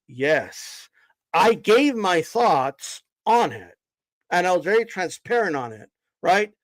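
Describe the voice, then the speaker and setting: A man's voice: sits high, no room sound, poor audio. A man ranting on a live stream, cursing and confronting his chat in a mocking, combative way. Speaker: boxing streamer. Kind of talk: heated live-stream rant.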